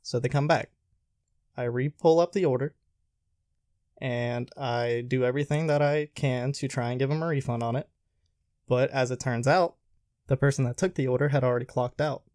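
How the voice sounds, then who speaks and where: Young guy telling restaurant job stories, gets animated doing the voices, dry close sound. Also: medium pitch, normal speed, pauses often, no room sound. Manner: animated retelling, acts out quoted lines. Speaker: podcast host telling work stories. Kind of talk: casual storytelling chat.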